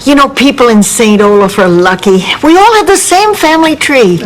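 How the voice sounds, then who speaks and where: A woman's voice: high voice, animated, normal speed, poor audio. An actress playing a sweet, naive small-town woman in a sitcom, with an earnest, guileless delivery. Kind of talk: sitcom acting. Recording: sitcom audio with background noise.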